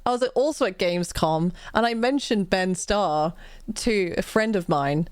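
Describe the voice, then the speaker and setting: A woman's voice: mid-range voice, normal speed, clear, resonant tone, no room sound. A British woman from the UK chatting casually on a live stream, telling rambling stories full of restarts and laughs. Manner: rambling, self-interrupting storyteller who laughs often.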